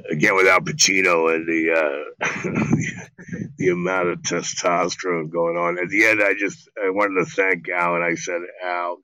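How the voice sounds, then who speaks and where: A middle-aged man, a guest actor, telling animated, profane stories in an interview. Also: low voice, moderate pace, smooth, no echo, low-quality recording. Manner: animated, profane storytelling with acted quotes. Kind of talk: storytelling interview.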